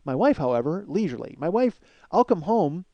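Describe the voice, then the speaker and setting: A middle-aged man hosting a comedy podcast, telling a story in a profane, excitable rant. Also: a little high, fairly quick, no echo, dull audio.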